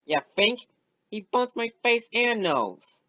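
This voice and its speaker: A man voicing a whiny young male engine who wails at a very high pitch. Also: big pitch swings, slow pace, sharp tone, muffled recording, heavily acted. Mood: upset, wailing. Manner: whiny, wailing. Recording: music behind the voice.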